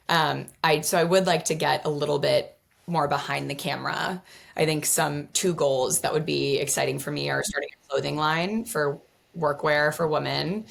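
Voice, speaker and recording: A woman's voice: deep voice, creaky, fairly bright tone. A young woman content creator talking casually as an interview guest, chatty and full of "like". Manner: chatty, lots of "like" and fillers.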